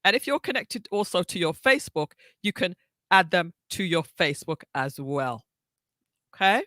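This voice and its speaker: Woman, live-stream tutor, bright tense tone, chatty, greets viewers by name, dry close sound. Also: lowish voice, big pitch swings, moderate pace, dry recording. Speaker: social media tutor hosting a live session.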